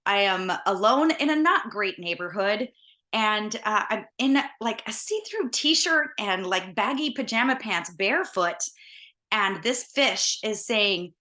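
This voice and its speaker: Bright-voiced woman telling a personal story. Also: mid-range voice, lively intonation, unhurried. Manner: earnest, conversational, retelling events vividly. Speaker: podcast host.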